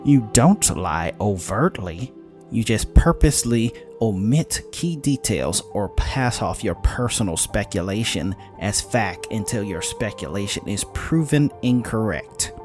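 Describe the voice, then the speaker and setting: A man's voice: lowish voice, expressive, a little mellow, faint music behind. A man reading a cold, haughty fae woman. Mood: cool, cutting. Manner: formal, cutting, measured.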